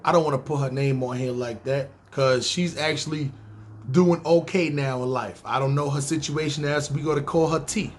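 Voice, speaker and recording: A man's voice: on the high side, moderate pace, slight background noise. A man from Harlem, telling his life story in a rambling, slangy, profane way, addressing listeners directly. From Harlem, New York. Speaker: podcast storyteller. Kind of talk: casual storytelling podcast.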